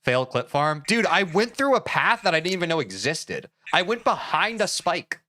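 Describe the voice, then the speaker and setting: A man's voice: on the high side, very animated, moderate pace, bright, forceful tone. A young man livestreaming a game, chatting casually with viewers, self-mocking and swearing freely. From United States. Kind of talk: casual chat with viewers while gaming.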